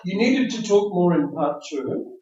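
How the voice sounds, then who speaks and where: English examiner in a roomy classroom. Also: male voice, high-pitched, lively intonation, measured pace, warm tone, slight background noise. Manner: friendly, chatty, explanatory, repeats words. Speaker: IELTS speaking examiner giving feedback. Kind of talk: spoken feedback after mock test. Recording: roomy, distant, dull classroom audio.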